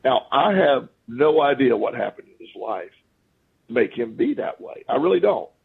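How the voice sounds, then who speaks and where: Gravelly man over a tinny line. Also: mid-range voice, normal speed. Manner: animated storyteller who acts out quoted speech. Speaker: podcast guest. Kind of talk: casual anecdotal storytelling.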